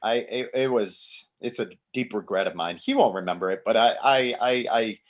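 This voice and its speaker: A man's voice: on the low side, moderate pace. A man guesting on a casual comedy podcast, telling rambling stories with free swearing. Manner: animated, rambling storyteller, swears freely.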